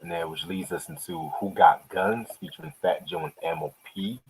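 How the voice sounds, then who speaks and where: A man's voice: deep voice, sing-song, normal speed, creaky, darkish tone, husky, low-quality recording. A man hosting a casual hip hop album review, profane, slangy and enthusiastic. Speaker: podcast host.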